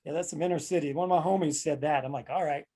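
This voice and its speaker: A man hosting a loose, comedic podcast chat, playful and quick to act out remembered sayings. He grew up in Kentucky and talks with a somewhat high voice. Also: mellow. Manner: playful, jokey, acts out quotes. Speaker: podcast host.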